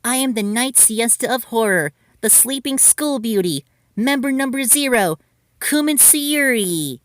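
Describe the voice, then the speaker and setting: A man's voice: very high-pitched, lively intonation, unhurried, a bit bright, pitched above the performer's own voice, full character voice. A man doing an airy sleepy teen girl. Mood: sweet. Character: sleepy, airy teenage girl, sweet and naive.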